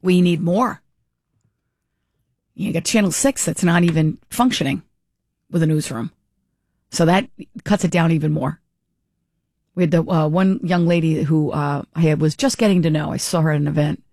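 A woman's voice: sits low, moderate pace, pauses often, warm tone, no room sound, studio quality. A woman hosting a talk radio show, giving chatty, opinionated political commentary with frequent restarts.

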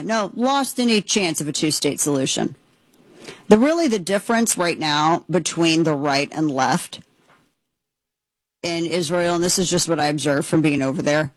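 A woman's voice: on the low side, no echo, rough recording. An American woman hosting political commentary, emphatic and opinionated, rambling with frequent restarts. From United States. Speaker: commentary host.

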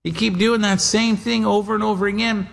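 A man's voice: sits high, flat delivery, brisk, gravelly, big-room sound. A male pastor preaching a sermon in a conversational way, often repeating phrases and speaking straight to his listeners.

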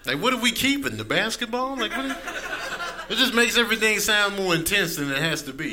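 A man's voice: brisk, crowd noise. A middle-aged man doing a stand-up set, acting out his friends and sons in voices. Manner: animated, acts out friends and family in high voices. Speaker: stand-up comedian. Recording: live club set with clear background noise.

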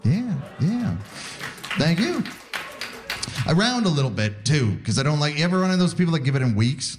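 A man in his forties from Canada, telling stand-up stories in a laid-back way with animated voiced asides. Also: on the high side, normal speed, pauses often, background noise. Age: 40s. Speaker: stand-up comedian. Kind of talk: stand-up comedy set. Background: audience laughter.

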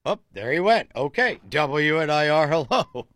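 Lively, bright male radio host. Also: fairly high pitch, normal speed. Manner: brief casual replies. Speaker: radio talk show host. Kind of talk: call-in talk radio.

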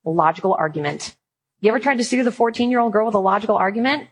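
Husky-voiced woman telling stories with humor. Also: medium pitch, fast, low-quality recording. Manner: animated storytelling with playful humor. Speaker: Christian speaker on apologetics and parenting. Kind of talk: talk to an audience.

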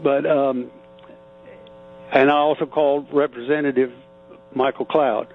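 A man calling in to a radio show, talking haltingly with many fillers and repeats. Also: mid-range voice, flat delivery. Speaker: caller. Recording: tinny phone line with hum.

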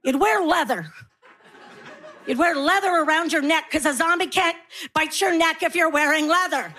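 A middle-aged woman doing a stand-up comedy set, acting out her kids and herself in animated voices. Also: sits high, moderate pace.

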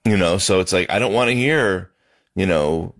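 A man's voice: low voice, normal speed, fairly bright tone, no echo, studio quality. A man co-hosting a casual chat, a chef who teases and laughs often. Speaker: co-host, chef.

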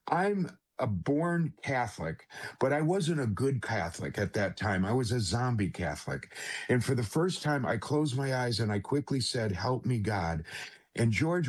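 Earnest man telling his faith story. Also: mid-range voice. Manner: earnest, repeatedly addresses the host by name; halting restarts at emotional moments. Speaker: interview guest. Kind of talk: personal testimony storytelling.

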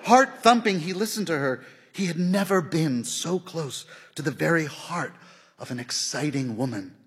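A man narrating a literary novel in a measured storytelling manner, shifting his voice softly for the characters' dialogue. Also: fairly high pitch, expressive, breathy edge, in a large hall. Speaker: audiobook narrator.

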